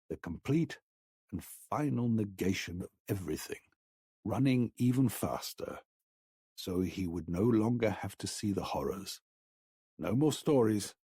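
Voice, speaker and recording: A male narrator voicing a terrified young boy who cries and wails his pleas in a high, breaking voice. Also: gravelly, mellow, breathy edge, no room sound, studio quality, exaggerated voice. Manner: crying, repeating pleas in a high wail.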